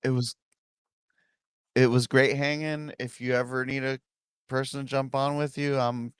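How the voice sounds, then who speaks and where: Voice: medium pitch, level tone, measured pace, clean tone, no echo. A guest in a casual podcast chat over a video call, easygoing and laughing along.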